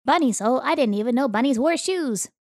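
A woman's voice: high voice, expressive, a little fast, no echo, studio quality. Playful young woman podcast co-host. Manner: playful, teasing quips. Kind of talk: casual podcast chat.

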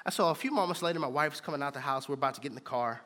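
A man preaching a sermon. He moves between hushed, whispered lows and loud, almost sung peaks. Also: very fast. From Houston, Texas. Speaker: pastor. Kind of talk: sermon with prayer.

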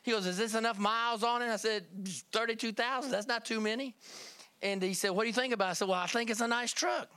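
High, bright-voiced man preaching a testimony. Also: steady tone, quick pace, clean tone, no room sound. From Kentucky. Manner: folksy storytelling, calls for amen. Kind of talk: sermon testimony. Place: church.

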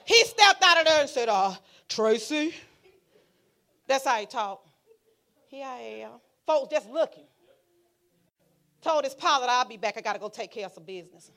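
A woman's voice: sits high, animated, fairly quick, sharp tone. A woman pastor, preaching a fiery sermon and calling out to the congregation. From Alabama. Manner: fiery, preaching with call-and-response.

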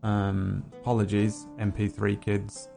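Gravelly low-voiced man chatting casually. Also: completely flat delivery, measured pace, dark tone, soft background music. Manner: laid-back, rambling explanations. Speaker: stream host. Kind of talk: casual chat.

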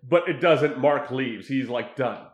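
A man casually recapping a film scene by scene, crude and animated, mimicking the characters' lines as he goes. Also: medium pitch, unhurried, roomy sound. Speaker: podcast co-host recapping a film. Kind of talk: casual chat.

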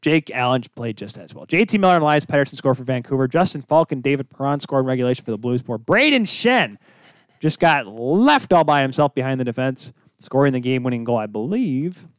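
A man hosting a casual hockey podcast, animated and teasing, breaking into loud bits. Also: medium pitch, a little fast, no room sound. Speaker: podcast host. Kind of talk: casual sports chat.

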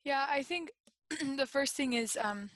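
A woman's voice: high-pitched, fairly bright tone, dry recording. A young woman who leads staff at a camp, talking earnestly in casual conversation with lots of fillers. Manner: earnest, quick, filler-heavy talk.

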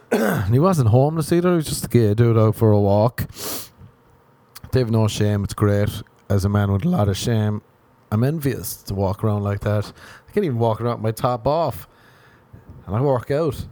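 Sardonic Irish man, low voice. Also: animated, normal speed, pauses often, mellow. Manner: rambling, profane, sardonic. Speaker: podcast host. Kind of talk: comedic solo monologue.

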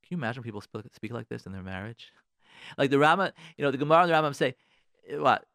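Animated preachy New man. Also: mid-range voice, quick pace, creaky, no echo, studio quality. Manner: preachy, lots of rhetorical questions and repetition. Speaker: marriage advice speaker. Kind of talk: radio talk, moral advice to couples. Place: radio studio.

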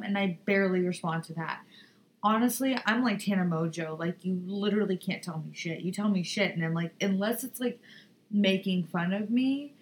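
A woman's voice: mid-range voice, slight background noise, poor audio. A young woman hosting a podcast in casual chat, blunt and rambling, swearing freely. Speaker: podcast host.

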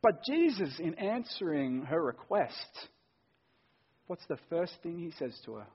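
A man's voice: a little high, big pitch swings, measured pace, husky. A man preaching a sermon, reading scripture aloud and driving home points with emphatic bursts. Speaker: pastor. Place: church hall. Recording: dull sound in a long-echo church hall.

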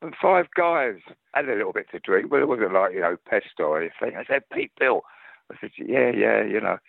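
Older Cockney man, gravelly and lively. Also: lowish voice, fairly quick, no echo, phone-quality sound. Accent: Cockney London. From London, England. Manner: rambling storyteller, lively, restarts often. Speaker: guest actor. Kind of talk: casual anecdotal chat.

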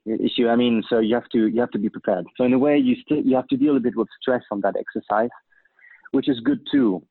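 A man's voice: mid-range voice, fairly even intonation, fast talker, breathy edge, dry recording. Man on a muffled call. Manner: thoughtful, hesitant, many restarts and fillers. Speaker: guest oboist and teacher. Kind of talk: casual interview answers. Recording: muffled phone-like line, dry.

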